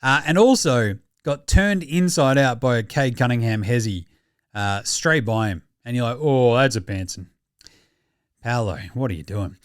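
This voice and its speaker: A man's voice: medium pitch, moderate pace, smooth, no echo, clean studio sound. A young Australian man hosting a sports podcast in casual, rambling banter, swearing and laughing often. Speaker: podcast host.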